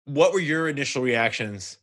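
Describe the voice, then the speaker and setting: A man's voice: medium pitch, expressive, normal speed, fairly bright tone. A man hosting a podcast interview, asking questions hesitantly and restarting them. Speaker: podcast host.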